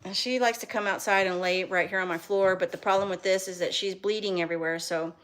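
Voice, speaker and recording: Speaking fast in a mid-range voice with fairly even intonation, this dog breeder and kennel owner in her forties reads viewer comments on a casual live stream. She's indoors in a bedroom with a whelping box, recording on her phone with a little hiss or hum, and rambles with many ums and restarts.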